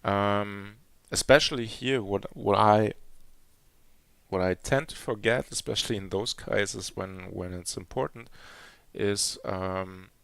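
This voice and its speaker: A man's voice: fairly low pitch, slow, gravelly, fairly bright tone, clean tone, no room sound. A man giving a live coding demo at a conference, talking hesitantly with many fillers and restarts. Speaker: conference speaker. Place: conference hall.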